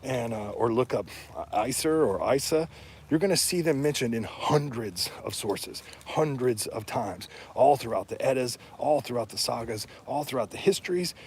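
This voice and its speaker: A man's voice: mid-range voice, lively intonation, moderate pace, darkish tone, slight background noise. A man in casual talk, speaking bluntly and emphatically, often rising into indignant rhetorical questions. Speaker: podcast guest or host discussing heathen religion.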